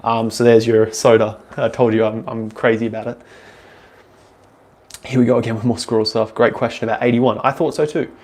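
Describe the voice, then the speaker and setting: A man's voice: mid-range voice, flat delivery, a little fast, darkish tone. A young Australian man with an Australian accent, casually answering viewer questions on a live stream in a loose, rambling way, full of ums and restarts.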